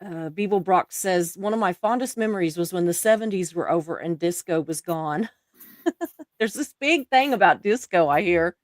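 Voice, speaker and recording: A woman's voice: lowish voice, animated, normal speed, dry recording, clean studio sound. A woman with an accent hosting a live stream, reading viewer comments aloud and laughing often. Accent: non-native English accent.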